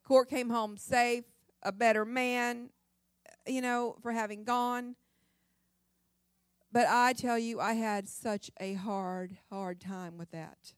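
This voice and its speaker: A woman's voice: on the high side, steady tone, slow pace, clear, resonant tone, no room sound, clean studio sound. A middle-aged woman giving a church testimony, telling her story in a dramatic, emphatic way. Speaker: church speaker. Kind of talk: sermon testimony.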